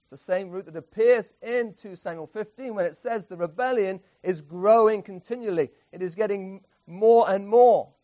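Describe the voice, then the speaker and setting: A man's voice: sits high, normal speed, hardly any pauses, dark tone, dull audio. A man preaching an expository sermon, emphatic, often restarting phrases and chuckling.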